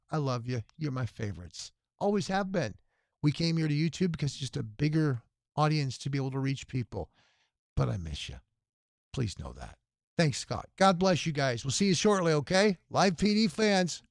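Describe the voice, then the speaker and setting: A man's voice: a little high, big pitch swings, moderate pace, creaky, no room sound, studio quality. A sleep-deprived man hosting a long livestream telethon, chatting to viewers and muttering to himself while he types at his computer. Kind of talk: casual livestream chat to viewers.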